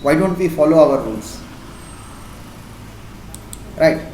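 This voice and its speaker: A man's voice: fairly high pitch, expressive, slow pace, a little mellow, a little hiss or hum. A man with an Indian accent giving an impassioned classroom lecture as a teacher. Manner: impassioned, emphatic. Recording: echoey classroom.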